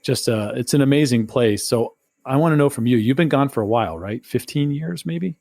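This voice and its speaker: A man's voice: mid-range voice, brisk, creaky, a little mellow, no room sound, studio quality. A man hosting a podcast interview, friendly and jokey, often restarting his sentences. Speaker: podcast host. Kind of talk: casual interview.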